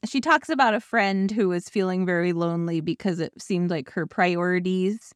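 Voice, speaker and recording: A woman's voice: on the low side, moderate pace, no room sound, clean studio sound. A woman co-hosting a casual book discussion, laughing often and acting out quoted lines. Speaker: podcast co-host.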